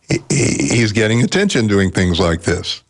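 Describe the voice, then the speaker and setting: A man hosting a public radio talk show, measured and informative. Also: on the low side, big pitch swings.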